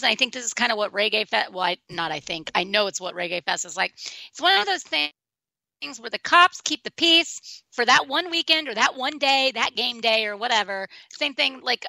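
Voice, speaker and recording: A woman's voice: on the high side, vocal fry, sharp tone, no echo, poor audio. A woman in casual chat as a co-host, rambling with lots of fillers and laughing easily. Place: Austin, Texas.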